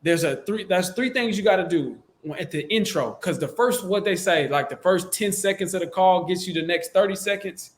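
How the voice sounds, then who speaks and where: A man talks through sales coaching in a loose, slangy, conversational way. His voice sits a little high for a man. He speaks into a close microphone. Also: normal speed, few pauses. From Southern United States. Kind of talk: casual instructional talk.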